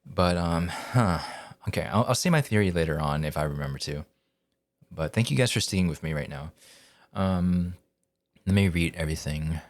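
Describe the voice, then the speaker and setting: A man's voice: deep voice, animated, moderate pace. A man live-streaming a story game, chatting casually and thinking aloud with hesitant restarts.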